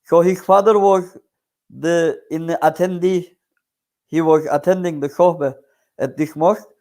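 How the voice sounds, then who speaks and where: A man's voice: on the high side, steady tone, darkish tone. Earnest man telling a spiritual story. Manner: earnest, halting with fillers. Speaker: grandson of the shaykh, guest storyteller. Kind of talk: casual spoken storytelling.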